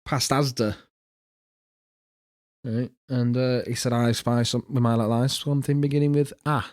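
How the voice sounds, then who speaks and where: A man's voice: medium pitch, little pitch movement, moderate pace, darkish tone. A man co-hosting a podcast, telling family stories with plenty of swearing and laughter. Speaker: podcast co-host. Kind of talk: casual banter, storytelling.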